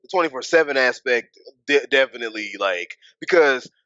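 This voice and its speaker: A man chatting on a wrestling podcast, loose and animated, cursing freely. His voice is bright and swings widely in pitch. The recording is dry and slightly dull. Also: moderate pace, no room sound. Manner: animated, swearing, riffing, voice jumps high when excited. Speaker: podcast co-host. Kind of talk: casual wrestling recap chat.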